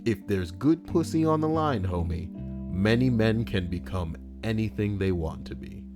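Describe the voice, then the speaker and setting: A man's voice: fairly low pitch, expressive, normal speed. A man reading internet stories aloud with casual, profane commentary, ranting and laughing at his own jokes. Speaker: reddit story reader. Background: faint background music.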